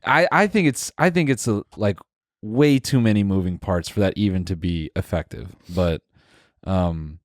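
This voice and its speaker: Deep-voiced young man, rambling casual talk. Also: normal speed, no echo, clean studio sound. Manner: rambling, hesitant, many fillers. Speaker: podcast co-host. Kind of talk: casual podcast chat.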